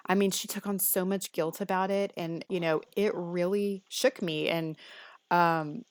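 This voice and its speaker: Low-pitched woman host telling a story. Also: unhurried, no room sound. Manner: storytelling, lively voices for quoted speech. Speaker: podcast host. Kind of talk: casual podcast conversation.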